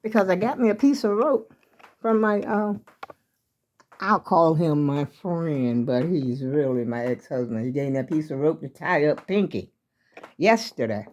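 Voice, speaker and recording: A woman's voice: low-pitched, expressive, measured pace, darkish tone, muffled recording. An older woman, vlogging casually from home on her phone. She rambles as she talks and keeps speaking straight to her viewers as "y'all". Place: small room at home.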